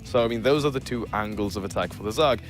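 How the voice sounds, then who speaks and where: A man commentating a strategy game as a caster, joking dryly with his co-caster between steady, analytical calls. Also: on the low side, quick pace, soft background music. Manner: dry joking banter, then steady analysis. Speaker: esports caster.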